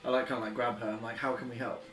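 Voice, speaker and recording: A man's voice: mid-range voice, flat delivery, very fast, a bit bright. A man with a British accent playing a tabletop game, talking hesitantly with many fillers. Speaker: player. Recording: distant from mic, roomy echo, faint music.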